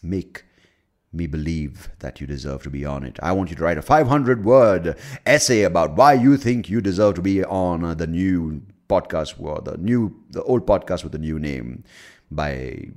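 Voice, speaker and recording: A man's voice: sits low, darkish tone. An American man hosting a podcast, talking in a rambling, profane, self-mocking casual monologue. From United States. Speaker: podcast host.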